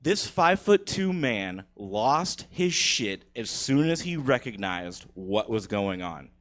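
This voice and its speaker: A young man telling a profane, animated story on a comedy stage, laughing at his own jokes. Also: on the low side, takes it slowly. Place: live comedy theater stage.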